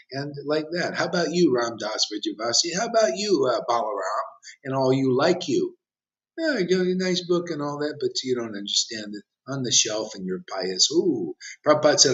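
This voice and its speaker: A man's voice: medium pitch, fairly bright tone. A man giving an impassioned, provocative sermon as a spiritual teacher, challenging his listeners directly. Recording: dull lo-fi recording.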